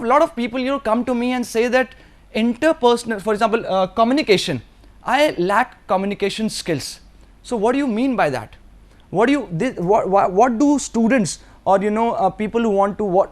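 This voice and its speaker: A man from Delhi with an Indian English accent, giving a course lecture to students in an earnest, repetitive way and now and then slipping into Hindi. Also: high-pitched.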